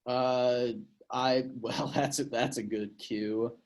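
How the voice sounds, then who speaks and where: A man's voice: medium pitch, fairly even intonation, slow. A young man from Portland, Oregon, telling a story on a chatty podcast. His voice sits in the middle register, and he talks in a loose, crude, rambling way, full of filler words. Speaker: podcast co-host. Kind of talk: casual storytelling chat.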